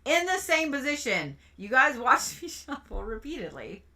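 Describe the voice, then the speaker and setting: Lady doing zodiac readings on a stream, chatty, cussing and giggling, bright high-ish voice. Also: very animated, normal speed. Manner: chatty, playful, swears and giggles. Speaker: reiki practitioner and tarot reader. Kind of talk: casual livestream zodiac reading.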